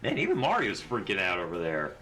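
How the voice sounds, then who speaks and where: A man's voice: low voice, huge pitch swings, fairly quick. A man giving sarcastic, profane, rambling commentary while playing a video game. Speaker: gaming channel host. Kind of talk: let's play commentary. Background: faint game music.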